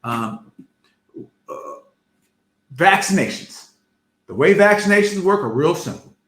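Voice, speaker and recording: A man's voice: sits high, sing-song, a little slow, a bit bright, roomy sound. A man, an emergency physician, explaining vaccines in a jovial, plain-spoken way. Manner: jovial, laughs often, explains simply. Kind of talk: casual health talk.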